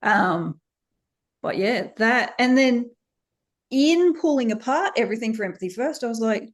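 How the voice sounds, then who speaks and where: A slightly high voice at normal speed belongs to this Australian company founder in her thirties, interviewed candidly. She laughs a lot and brings animation to the talk by voicing other people.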